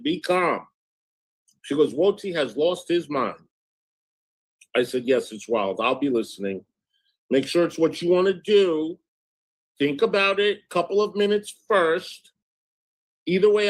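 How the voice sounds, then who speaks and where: A man chatting casually on his livestream while recounting a feud. He reads out old messages line by line, "she goes, I said," and drops into a lower, flatter tone for the quotes. He cleans up his swearing with "effing" and single letters. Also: rough recording. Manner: recounts chat messages in back-and-forth "she goes, I said" fashion. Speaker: livestream host.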